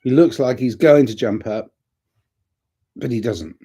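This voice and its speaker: Man vlogger, mellow warm tone, loose rambling monologue with reflective asides. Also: medium pitch, unhurried, husky. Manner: rambling and reflective, retells stories and gives gentle advice. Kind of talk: casual talking-to-camera monologue.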